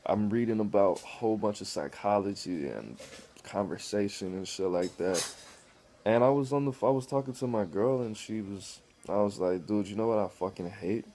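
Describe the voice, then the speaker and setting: A man's voice: lowish voice, normal speed, mellow. A man talking casually to the camera in a blunt, rambling way, full of swearing, about his life. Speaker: vlogger.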